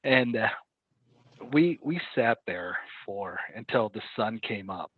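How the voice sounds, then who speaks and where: Low-voiced man on a tinny line. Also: animated, husky, dry recording. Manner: halting, self-correcting retelling with quoted dialogue. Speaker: podcast guest. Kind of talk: casual storytelling in conversation. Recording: dry, tinny phone-like line.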